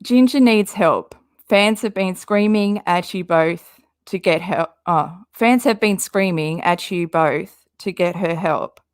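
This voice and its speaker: A woman's voice: lowish voice, slow pace, dry recording, studio quality. A woman doing casual commentary, reading social media posts aloud with an exasperated, rambling manner and frequent swearing. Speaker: commentary YouTuber.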